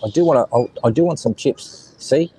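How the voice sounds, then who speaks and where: Husky Australian man streaming outdoors. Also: medium pitch, fairly quick, warm tone, low-quality recording. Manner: rambling, jokey, talks to chat viewers. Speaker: live streamer. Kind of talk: casual live stream chat. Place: outdoors by the seaside, kids and seagulls around.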